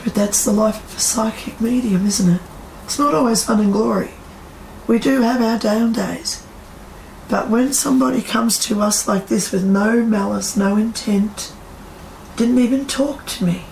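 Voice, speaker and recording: A woman's voice: on the high side, normal speed, gravelly, a little mellow, slight background noise. A woman, a psychic medium, telling a story to an audience in a chatty way and asking them questions. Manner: chatty, quotes people in acted voices, asks the audience questions. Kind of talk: storytelling talk to a live audience. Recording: echoey room with faint ambience.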